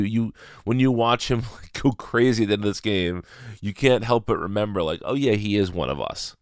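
Deep-voiced man hosting a rambling podcast. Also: clean tone, no room sound, studio quality. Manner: rambling, self-correcting, chuckling at himself. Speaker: podcast host. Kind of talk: casual solo podcast monologue.

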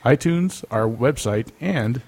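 Husky guy cohosting a podcast, jokey, laughs a lot, kinda raspy. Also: medium pitch, expressive, takes it slowly, a little mellow. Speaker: podcast co-host. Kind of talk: casual chat.

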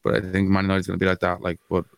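A man's voice: low-pitched, completely flat delivery, racing, creaky, clear, resonant tone, no room sound. A man co-hosting a podcast in casual sports chat, rambling with lots of fillers and swearing. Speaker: podcast co-host.

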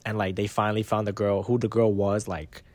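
Young man, podcast co-host, dry close sound; rambling, animated storyteller full of slang and swearing. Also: fairly low pitch, brisk, no room sound. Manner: animated, slangy, swears a lot, acts out quotes. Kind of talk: casual chat, storytelling.

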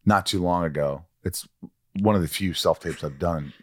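Low-voiced man, rambling host. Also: normal speed. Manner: rambling storyteller, swears casually. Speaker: podcast host and actor. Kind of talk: casual interview chat.

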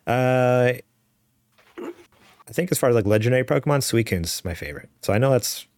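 A man's voice: medium pitch, expressive, normal speed, darkish tone, dry recording, studio quality. A man co-hosting a casual gaming news podcast, enthusiastic, laughing often and reading news stories aloud over a call. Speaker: podcast co-host.

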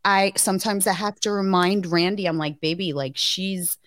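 A woman's voice: on the low side, steady tone, normal speed, fairly bright tone, no room sound, studio quality. A woman co-hosting a podcast in casual chat, frank and blunt, swearing freely. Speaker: podcast co-host.

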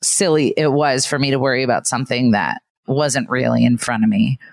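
A woman's voice: rumbling low, fairly even intonation, a little fast, creaky, no room sound, studio quality. A woman guest talking candidly and earnestly about her own anxiety and marriage. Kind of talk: candid conversation.

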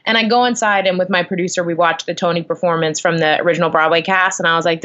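A young woman telling a story in a casual interview at home, animated, acting out her own reactions. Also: fairly low pitch, fast, hardly any pauses, lo-fi sound. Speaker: guest. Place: at home, on the floor. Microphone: video call.

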